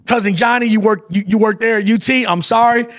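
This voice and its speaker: A man co-hosting a lively sports panel, talking in a high, bright register. He talks with hype and slang, throwing questions at the others. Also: a little fast. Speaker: sports show co-host. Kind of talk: casual sports panel chat.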